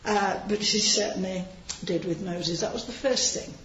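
A woman's voice: medium pitch, normal speed, a little hiss or hum. Chatty woman preaching in a roomy hall. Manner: chatty, anecdotal, with frequent asides and light laughs. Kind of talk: informal sermon. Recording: roomy, slightly dull hall recording.

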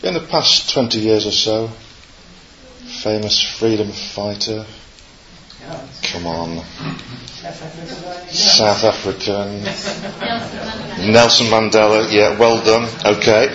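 A man's voice: on the low side, takes it slowly, long pauses, a crowd in the background. A man preaching to a congregation, hesitant with many fillers and light jokes. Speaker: guest preacher. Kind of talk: sermon opening with a quiz. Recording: echoey, muffled, congregation audible.

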